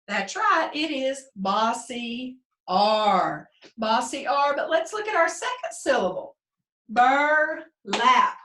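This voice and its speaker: A woman teaching a second grade phonics lesson to children, slow and sing-song, stretching out the sounds. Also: high voice, a bit bright. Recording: echoey room, a bit distant.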